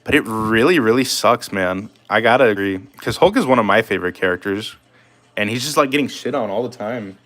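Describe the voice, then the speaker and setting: A man's voice: lowish voice, expressive, fairly quick, fairly bright tone. A man chatting casually on a live stream, loose and talkative, answering comments while he works. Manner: loose and chatty, talking to chat while drawing.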